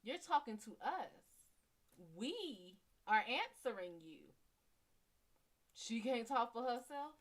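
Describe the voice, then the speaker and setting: A woman's voice: fairly high pitch, sing-song, slow pace, pauses often. A woman giving casual live-stream psychic readings, slangy and playful, laughing often and calling viewers "sugar". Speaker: psychic card reader.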